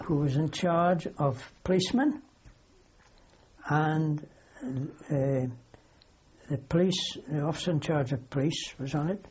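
A man's voice: on the high side, a little mellow, breathy edge, dull audio. An older man, a wartime aircrew veteran, telling a long anecdote in an oral history interview. He rambles, corrects himself as he goes and keeps a dry humour.

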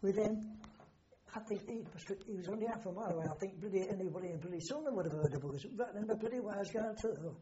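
An older man tells wartime stories in a rambling, plain-spoken way, peppered with swearing. His voice is mellow and dark. The recording is dull and lo-fi. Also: high voice, quick pace, slight background noise. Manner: rambling, salty storyteller with frequent swearing. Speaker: war veteran interviewee. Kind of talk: oral history recollection.

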